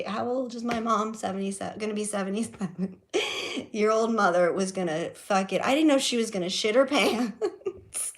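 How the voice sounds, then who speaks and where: A middle-aged woman with a fairly high voice, telling a story on her home vlog. Her pitch swings widely, and her delivery is emphatic and salty, full of fillers and restarts. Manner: emphatic, profane, rambling with fillers and repeats. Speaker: vlogger.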